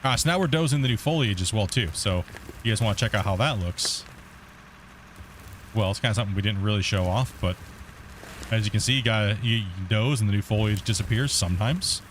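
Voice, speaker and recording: A man's voice: fairly low pitch, brisk, fairly bright tone, a little hiss or hum. A man hosting a gaming livestream, rambling casually and chuckling as he talks to his chat.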